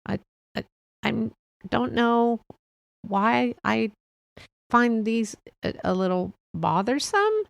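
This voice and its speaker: A woman's voice: a little high, lively intonation, slow, vocal fry, pauses often, dry recording. A middle-aged woman hosting her own podcast, chatting loosely about toys with frequent laughs and rambling restarts. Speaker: podcast host. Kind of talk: casual solo podcast chat.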